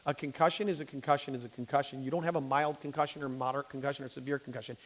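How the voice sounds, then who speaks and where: A man's voice: medium pitch, fairly even intonation, rapid-fire. A man, a physician, giving a conversational lecture to a lay audience. He often restarts sentences and checks in with "okay?". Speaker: physician giving a public talk. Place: church hall. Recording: long hall reverb.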